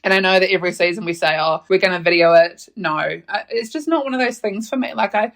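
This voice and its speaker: A woman's voice: medium pitch, a bit bright. A woman, hosting a casual solo podcast. She tells stories in a chatty, blunt way, swears freely and laughs often. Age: late 30s. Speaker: podcast host.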